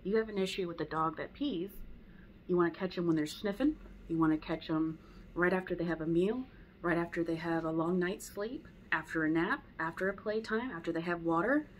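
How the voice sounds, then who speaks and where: Low-voiced woman dog trainer at home. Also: a little fast, a little hiss or hum, poor audio. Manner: conversational, acts out dog and owner voices. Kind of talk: casual spoken lesson.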